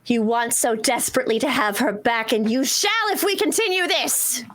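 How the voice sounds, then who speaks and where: A woman voicing a wrathful bodiless spirit that taunts and accuses, high and commanding, in a tabletop game. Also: animated, moderate pace, fairly bright tone. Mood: taunting.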